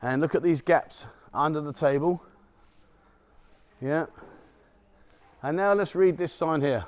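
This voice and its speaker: A middle-aged man's voice, on the high side, moves slowly and pauses often. He's a vlogger walking outdoors along a city street at dawn with a handheld camera, chatting, joking, and chuckling at his own remarks in a walk-and-talk street vlog.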